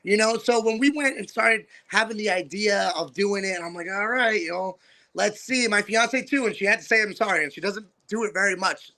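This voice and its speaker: Brief: high-pitched, bright-toned male podcast host, animated storyteller who acts out quotes. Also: brisk, hardly any pauses. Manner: animated, acts out voices of people in his stories. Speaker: podcast host and wrestling promoter. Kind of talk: casual storytelling chat.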